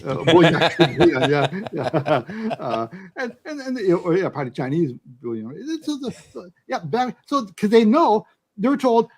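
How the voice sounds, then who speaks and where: A man talking as a guest in a casual chat, animated and stumbling over restarts as he makes his points. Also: high-pitched, breathy edge. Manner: animated, halting with stammered restarts. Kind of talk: casual conversational commentary.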